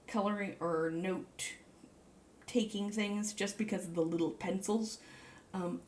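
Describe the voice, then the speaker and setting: A woman rambling through a casual show-and-tell vlog, gushing in a high voice and dropping to whispers over cute little things. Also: slow pace, slight background noise. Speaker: vlogger.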